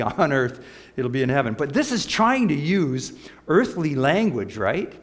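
Male preacher, lively sermon delivery, gravelly tone, swings from loud to hushed. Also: fairly high pitch. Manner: animated, piles up words, drops to a soft hush.

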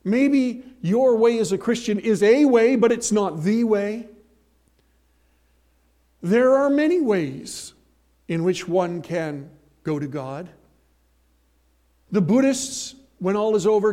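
A man preaching a sermon, emphatic, slowing and swelling on key phrases, with folksy asides and homely examples. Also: high-pitched, mellow. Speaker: pastor.

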